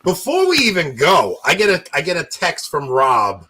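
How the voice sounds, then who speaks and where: A man's voice: fairly high pitch, huge pitch swings, normal speed, pushed and bright, slightly rough. A man from New York hosting a casual podcast, telling rambling stories and laughing often. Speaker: podcast host.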